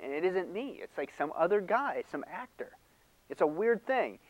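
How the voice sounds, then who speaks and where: An older man preaching a sermon in an animated, conversational way, laughing and acting out mock voices. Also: high voice, moderate pace, no room sound, poor audio. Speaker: pastor.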